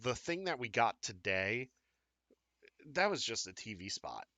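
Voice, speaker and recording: A man's voice: mid-range voice, big pitch swings, unhurried, bright, forceful tone. A man co-hosting a live fan talk show, chatting casually with frequent fillers and restarts. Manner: rambling, many fillers and restarts. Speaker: podcast co-host. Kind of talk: casual live-stream chat.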